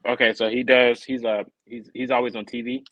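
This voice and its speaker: A podcast co-host, male, tells a long story in loose, casual chat, animatedly performing the voices of the people in it. His voice is mid-range and fairly quick, and the recording is muffled with no echo.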